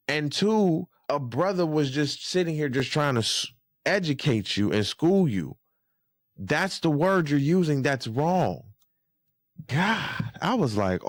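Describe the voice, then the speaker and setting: Animated man with a lively, swooping voice. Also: no room sound, studio quality. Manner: animated, profane, rising to high exclaims. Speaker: podcast commentator. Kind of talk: casual commentary.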